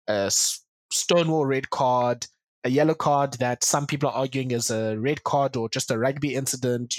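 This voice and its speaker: A man's voice: mid-range voice, no room sound. A man hosting a rugby podcast in a casual way, steering the talk and listing match statistics. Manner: steers the talk, lists stats. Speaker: podcast host.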